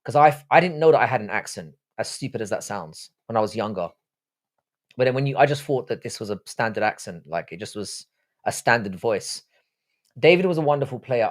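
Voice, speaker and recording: A middle-aged man with a posh English accent, hosting a casual live stream with rambling, sweary chat. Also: mid-range voice. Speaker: livestream host.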